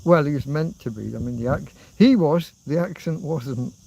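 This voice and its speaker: A man's voice: on the high side, lively intonation, normal speed, vocal fry, warm tone, slight background noise, rough recording. Rambling man hosting an outdoor livestream. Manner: meandering, reads viewer comments aloud and answers them. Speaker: livestream host. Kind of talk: rambling livestream chat reading comments. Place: outdoors in a rural spot.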